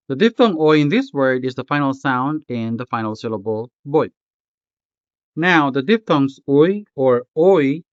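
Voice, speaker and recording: Smooth-voiced man teaching slowly. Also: mid-range voice, dry recording, dull audio. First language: Hiligaynon. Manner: slow, careful enunciation of example words. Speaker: language tutor. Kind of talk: scripted lesson narration.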